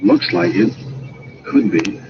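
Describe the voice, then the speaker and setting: A bewildered young man in an old-time radio drama, hesitant and prone to stammering. His pitch rises and falls in a lively way. The recording is muffled and lo-fi, under a steady hiss. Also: slow pace, full character voice. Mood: confused.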